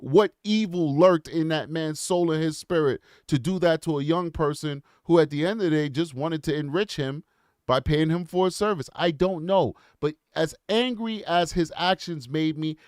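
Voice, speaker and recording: A man's voice: a little high, clean tone, no room sound, studio quality. A man hosting his own channel, telling a personal story and commenting in an earnest, reflective way that builds to impassioned rhetorical questions. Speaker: channel host.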